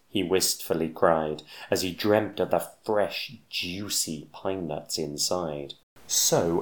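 A man reading a rhyming picture book aloud in an expressive, sing-song manner. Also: deep voice. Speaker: storyteller.

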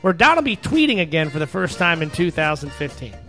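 High-voiced joking male podcast host. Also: sing-song, fairly quick, bright, forceful tone, soft background music. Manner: jokey, repeats himself. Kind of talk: casual chat while tasting beer.

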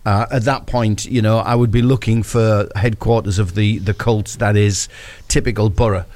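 A man's voice: on the low side, fairly even intonation, normal speed, darkish tone, no room sound. A man, recapping a football match on a breakfast radio show, telling it as a story and acting out his own thoughts.

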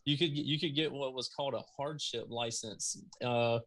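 Bright-voiced Southern man telling stories. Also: mid-range voice, moderate pace. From Mississippi, US. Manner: animated storyteller, acts out his own past lines. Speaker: guest, car audio business owner. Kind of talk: casual storytelling interview.

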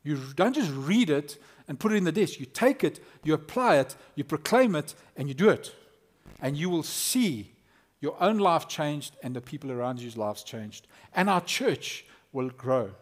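A man preaching a lively, conversational sermon as a pastor, acting out quotes. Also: fairly high pitch, moderate pace.

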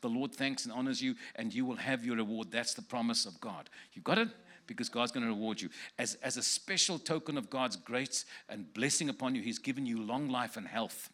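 A man's voice: mid-range voice, brisk, few pauses, a bit bright. A man preaching as a guest in a church, giving prophetic words to people in the congregation one by one and joking with them.

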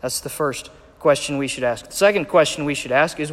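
A man preaching a sermon, measured and emphatic as he reads and explains scripture. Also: a little high, a bit bright. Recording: echoey hall with long reverb.

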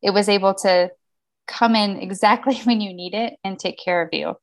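Young adult woman host, supportive and affirming listener in relaxed conversation. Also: mid-range voice, moderate pace. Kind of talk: casual heartfelt conversation.

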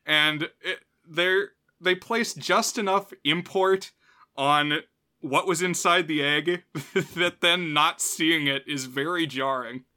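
A man's voice: on the high side, slow pace, bright, forceful tone. A man co-hosting a podcast, chatting casually about a film and often laughing mid-sentence. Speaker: podcast co-host. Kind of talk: casual film review chat.

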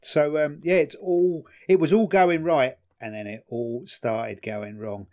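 A young man co-hosting a podcast, relaxed and chatty, retelling stories and quotes in funny voices. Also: fairly high pitch, a little slow. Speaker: podcast co-host. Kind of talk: casual chat.

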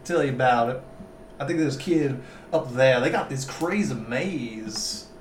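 A man's voice: a little high, very animated, unhurried, reverberant, slight background noise. A man voicing a drunk, sleazy male town magistrate who drawls and slurs his words. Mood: rambling. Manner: slurred, boastful drawl.

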